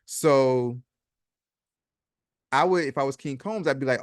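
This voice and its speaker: A man's voice: medium pitch, a little slow, long pauses, dry recording. Chatty man hosting a dry-sounding commentary vlog. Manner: chatty, sarcastic, repeats himself; reads posts aloud and adds his own comments. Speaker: host.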